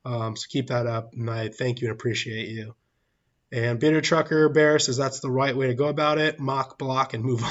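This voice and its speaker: A man's voice: mid-range voice, normal speed, fairly bright tone, highs cut off. A man hosting a casual livestream from a public place, rambling, laughing often and thanking his chat viewers. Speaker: livestream host.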